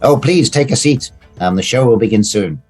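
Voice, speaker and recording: A man's voice: medium pitch, lively intonation, normal speed, a little mellow, husky, soft background music. A man voicing a fussy, officious male gnome clerk who stammers over his words.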